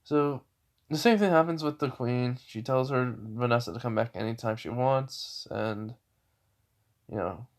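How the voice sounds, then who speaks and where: Rambling casual male storyteller. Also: medium pitch. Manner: rambling, many fillers and self-corrections. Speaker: fan storyteller. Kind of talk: casual improvised story retelling.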